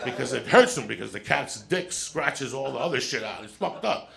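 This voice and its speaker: A middle-aged man doing stand-up, telling a long story in a profane, animated way and checking in with the crowd with quick "right?" asides. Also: medium pitch. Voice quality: gravelly. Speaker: stand-up comedian. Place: comedy stage with audience.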